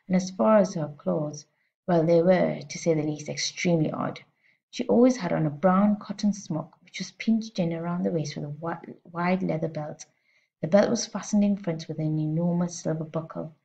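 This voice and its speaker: A woman teacher reading a children's storybook aloud with expressive, steady narration, heard on a slightly muffled lo-fi recording. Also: fairly low pitch, normal speed, vocal fry.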